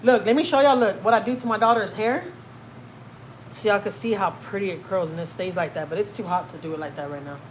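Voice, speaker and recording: A mid-range woman's voice moves at a quick pace, with slight background noise on a low-quality recording. Livestreaming from home, the Houston, Texas family vlogger rambles casually, teases herself, and reads comments aloud.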